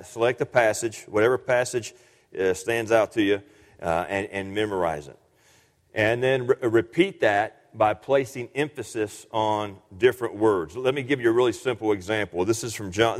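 A man preaching a sermon in an earnest teaching manner, often restarting and repeating words. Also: medium pitch. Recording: long hall reverb.

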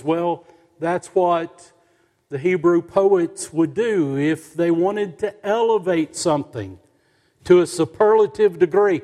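A male pastor delivering a sermon at a deliberate, unhurried pace, lingering on each stressed word. His voice sits a little high for a man. The sound carries a long reverb, as in a church sanctuary. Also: dark tone. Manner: slow, emphatic preaching with dramatic pauses.

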